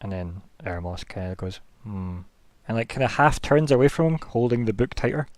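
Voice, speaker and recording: A man's voice: medium pitch, animated, fast talker, no room sound. A young man narrating a tabletop game as game master, chatty and rambling with many fillers.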